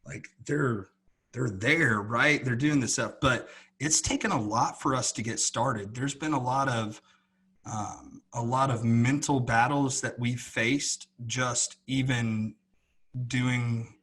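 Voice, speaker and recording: A man's voice: mid-range voice, slow pace, a bit bright, breathy edge. A man co-hosting a podcast, talking earnestly in a casual, rambling way with many restarts. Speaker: podcast co-host. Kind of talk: casual chat.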